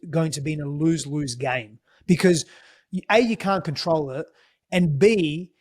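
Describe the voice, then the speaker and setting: A man who works as a relationship coach, speaking as a podcast guest in a calm, measured and earnest way. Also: fairly high pitch. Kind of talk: reflective podcast conversation.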